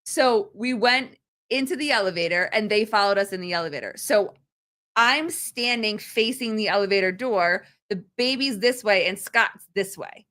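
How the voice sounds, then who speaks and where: Female podcast co-host, bright and forceful tone, lively storyteller. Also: mid-range voice, normal speed. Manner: lively storyteller acting out quotes. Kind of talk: casual storytelling chat.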